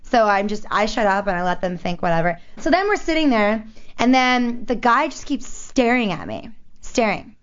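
Rambling woman with a smooth voice, muffled recording. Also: a little high, lively intonation, moderate pace. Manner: rambling, heavy use of "like" and restarts, amused. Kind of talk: casual conversational storytelling. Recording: dull lo-fi recording.

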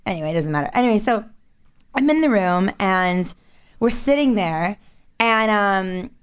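A woman's voice: medium pitch, lively intonation, normal speed, clear, resonant tone. A woman telling a story in casual conversation, rambling with lots of "like" and restarts, sounding amused. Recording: dull lo-fi recording.

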